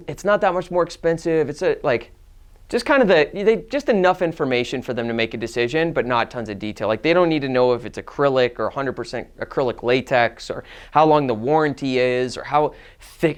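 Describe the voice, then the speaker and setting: A young adult man teaches sales in a casual, fast-paced way, now and then acting out what he would say to a customer. His voice is smooth and resonant, at a mid pitch for a man. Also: animated. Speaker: sales trainer. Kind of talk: instructional talk with role-played sales lines.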